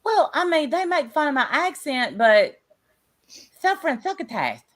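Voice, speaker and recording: A woman's voice: high-pitched, animated, moderate pace, fairly bright tone. Southern-accented woman from Tennessee, blunt casual co-host talk. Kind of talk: casual chat.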